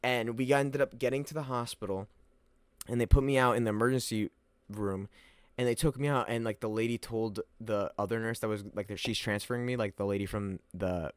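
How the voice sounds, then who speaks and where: Young man, lower voice, animated and profane casual storyteller, dry close sound. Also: brisk, clear, resonant tone, dry recording. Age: young adult. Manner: profane, rambling, animated retelling.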